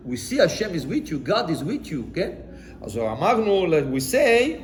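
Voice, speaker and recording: A man, a rabbi teaching a Torah lesson in mixed Hebrew and English, animated and acting out the quotes. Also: high-pitched, brisk, slight background noise.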